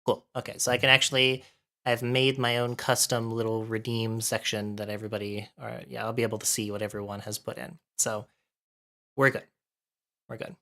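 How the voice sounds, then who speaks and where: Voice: mid-range voice, little pitch movement, fairly quick, bright, forceful tone. A livestreamer chatting casually with viewers while setting up, a bit out of breath from allergies and thinking aloud.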